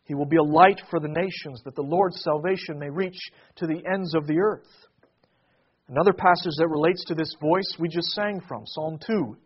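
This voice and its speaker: A man preaching a sermon in a husky, fairly high voice. His delivery swells into emphatic peaks and then falls back to hushed lines. The recording is dull and lo-fi. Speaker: pastor.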